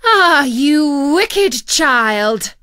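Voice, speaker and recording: A woman's voice: sits high, very animated, drawn-out words, sharp tone, dry recording, studio quality, pitched above the performer's own voice, heavily acted. A woman voicing a wicked old enchantress who cries out in anger and mockery. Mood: furious. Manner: cries out mockingly.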